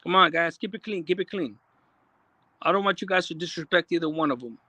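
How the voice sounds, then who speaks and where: A man with a high, bright voice gives casual commentary, swearing freely and repeating his points. The sound is dry and close, with no room echo. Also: a little fast. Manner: profane, animated, repeats himself. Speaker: commentator reacting to an interview.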